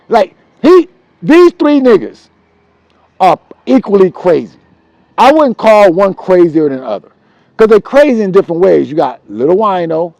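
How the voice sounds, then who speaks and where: Animated gravelly-voiced man telling stories. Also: high-pitched, dry recording, poor audio. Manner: animated, profane, repeats himself for emphasis. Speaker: storyteller. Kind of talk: casual street storytelling.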